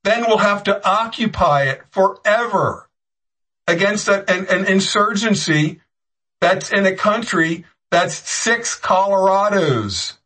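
A man's voice: sits high, takes it slowly, bright, forceful tone, low-quality recording. A man giving impassioned political commentary, rambling with frequent restarts and sarcastic jabs.

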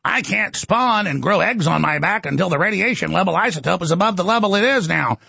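A gravelly, smug alien creature gloating about loving radiation, with a rough, husky edge, as a man puts him on. He sounds scheming and pleased with himself. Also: high voice, lively intonation, fairly quick, pushed and bright, no room sound, full character voice.

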